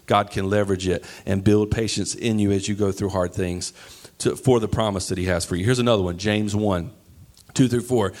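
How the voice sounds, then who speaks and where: A man in his thirties preaching a sermon, animated, sometimes breaking into high yelling as he acts out stories. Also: fairly quick. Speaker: pastor.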